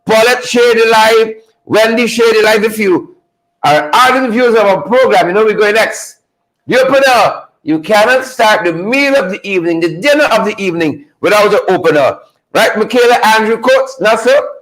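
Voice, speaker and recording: A man hosting a live stream, greeting viewers by name and repeating his phrases with high energy. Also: moderate pace, low-quality recording. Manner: repetitive, hypes viewers with shout-outs.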